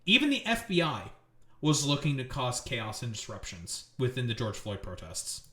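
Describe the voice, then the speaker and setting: A man's voice: medium pitch, big pitch swings, normal speed, fairly bright tone, reverberant. A man giving angry, profane commentary on political news clips, ranting at the people he covers.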